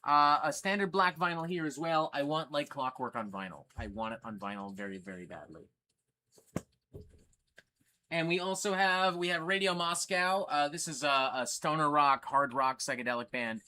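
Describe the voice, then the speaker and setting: A man's voice: a little high, normal speed, hardly any pauses, sharp tone. A man hosting a casual livestream, talking enthusiastically and swearing freely. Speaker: livestream host.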